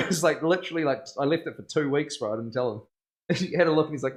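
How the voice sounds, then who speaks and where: A man's voice: on the high side, fast. A young man chatting casually in a tattoo studio while he works, laughing often and using plenty of slang. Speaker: tattoo artist streaming. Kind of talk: casual live-stream chat.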